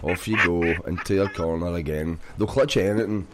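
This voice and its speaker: A man co-hosting a casual football podcast. His voice sits deep and he talks quickly, circling back with restarts and asides. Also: noisy background. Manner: rambling, frequent restarts and "you know what I mean". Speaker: podcast co-host.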